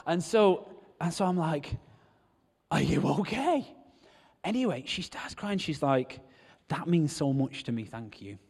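A man preaching a sermon, telling stories and joking with the congregation. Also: on the high side. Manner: animated, joking storyteller. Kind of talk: sermon with storytelling. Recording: long hall reverb.

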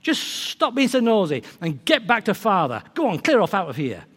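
An impatient older brother tells his sibling off, voiced by a preacher. The voice is high and lively, and it rings around a large hall. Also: normal speed, full character voice. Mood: scolding. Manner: scolding, impatient. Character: irritated older brother, scolding. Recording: long reverb of a large hall.

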